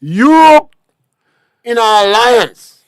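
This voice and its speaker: A man's voice: very high voice, sing-song, drawn-out words. A man with a Grenadian accent, a talk show guest, lecturing emphatically with rhetorical questions. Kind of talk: political talk show discussion.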